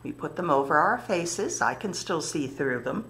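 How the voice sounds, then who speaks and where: A woman leading a story time for toddlers in a library story room, speaking gently and encouragingly to little children and their parents. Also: deep voice, lively intonation, normal speed.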